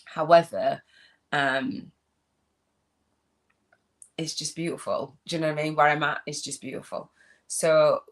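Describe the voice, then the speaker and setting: A woman's voice: sits low, steady tone, unhurried, long pauses. A woman in her forties with a Leeds accent, rambling chattily through a vlog while walking outdoors. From northern England. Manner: rambling, chatty, restarts often. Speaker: spiritual business coach. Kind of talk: casual vlog monologue. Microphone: phone.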